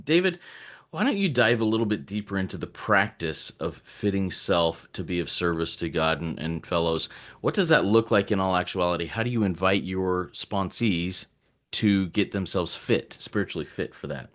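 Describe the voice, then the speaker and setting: A man moderating a recovery roundtable, asking his panelists measured questions. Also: sits low, animated, fairly bright tone. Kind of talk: podcast moderation.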